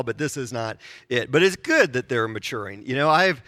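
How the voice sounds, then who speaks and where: A man's voice: medium pitch, lively intonation, fairly quick, bright, forceful tone, no echo. A man in his forties preaching a sermon, conversational and self-deprecating, asking the congregation questions. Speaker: pastor.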